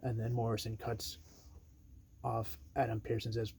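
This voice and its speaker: A man casually pitching an imagined storyline, rambling and acting out quotes in a raised voice. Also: little pitch movement, normal speed, vocal fry, mellow, husky.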